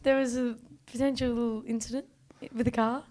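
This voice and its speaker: A woman's voice: a little high, level tone, a little mellow. A woman co-host with an Australian accent, teasing and quipping in casual chat. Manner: teasing, quick quips.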